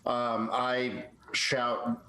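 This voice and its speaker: A man playing a tabletop game, laid-back and unhurried, with many fillers. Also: mid-range voice, completely flat delivery, bright, forceful tone, a little hiss or hum. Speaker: player. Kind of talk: casual tabletop play. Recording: roomy echo.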